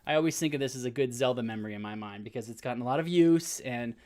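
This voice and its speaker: Speaking very fast in a darkish, mid-range voice, a thirtysomething podcast co-host rambles through a long story in casual conversation. He restarts often and leans heavily on "like" and other fillers.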